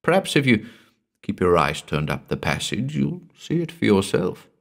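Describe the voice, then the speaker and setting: A man's voice: on the low side, sing-song, normal speed, vocal fry, voice pushed up, heavily acted. A man voicing a timid, frightened male inn waiter who talks in an anxious, sheepish way. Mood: fearful.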